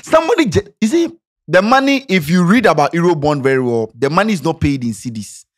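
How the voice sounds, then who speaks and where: A man's voice: on the high side, very animated, quick pace. A Ghanaian man giving passionate, sarcastic social commentary, firing off rhetorical questions. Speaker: commentary vlogger.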